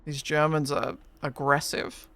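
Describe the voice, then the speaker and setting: A man's voice: a little high, monotone, a little slow, bright, forceful tone, dry recording. A man streaming a game, chatting casually with a friend and teasing chat in a playful way.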